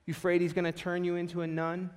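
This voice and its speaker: Guy preaching a sermon, tells a story and does all the voices, kinda high voice. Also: fast talker. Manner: animated storytelling, acts out quoted voices. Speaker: pastor.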